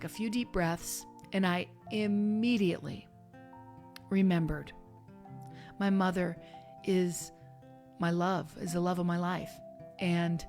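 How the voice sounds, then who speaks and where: A woman who ministers at a spiritual community, leading a casual online sermon in a chatty, heartfelt way with bursts of fervent urging. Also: mid-range voice.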